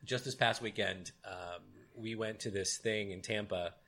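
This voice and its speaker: A man's voice: lowish voice, fairly even intonation, a little slow, bright, forceful tone. A man co-hosting a podcast in casual chat, rambling with many fillers and animatedly retelling movie scenes. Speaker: podcast co-host.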